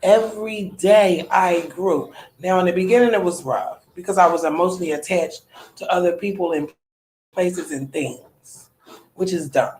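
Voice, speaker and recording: A woman's voice: fairly low pitch, normal speed, darkish tone. Reflective woman in an echoey room. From United States. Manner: candid, colloquial, trailing off and restarting, sighing. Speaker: podcast host. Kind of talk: reflective personal monologue.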